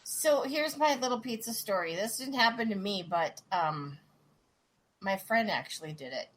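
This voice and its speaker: A woman's voice: mid-range voice, expressive, normal speed, fairly bright tone, slight background noise, rough recording. A woman co-hosting a radio show, chatting casually and telling stories with frequent laughter. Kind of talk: casual chat, storytelling.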